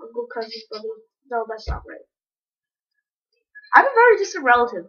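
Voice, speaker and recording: A woman giving casual, rambling commentary while playing a game, breaking into sudden excited yelps. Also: fairly high pitch, brisk. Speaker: gamer. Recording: dull lo-fi recording.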